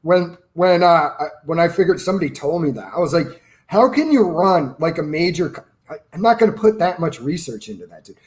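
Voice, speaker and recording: A man's voice: on the high side, lively intonation, fairly quick, darkish tone. A man who runs a personal finance channel, chatting casually and telling opinionated stories with quoted asides. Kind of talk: casual livestream chat.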